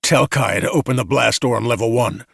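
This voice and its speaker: A man's voice: medium pitch, brisk, creaky, fairly bright tone, slightly rough, no echo, studio quality, exaggerated voice. A man playing a stern commanding lieutenant. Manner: clipped, commanding orders.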